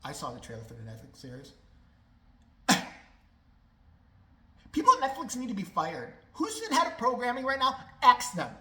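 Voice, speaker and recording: A woman's voice: on the high side, huge pitch swings, normal speed, pauses often, pushed and bright, reverberant, a little hiss or hum, poor audio. A woman vlogger giving a profane, sarcastic ranting commentary full of mockery.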